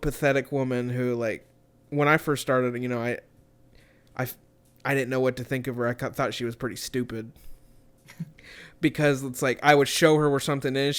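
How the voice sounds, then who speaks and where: A man's voice: mid-range voice, a bit bright, clear, resonant tone. A young man telling a rambling, swearing story about a coworker in a casual podcast chat. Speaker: podcast co-host.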